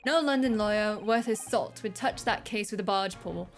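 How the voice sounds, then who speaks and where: A woman's voice: mid-range voice, normal speed, soft background music, natural voice. Woman reading as scornful grumbling police inspector. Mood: gruff. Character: brusque middle-aged male police inspector.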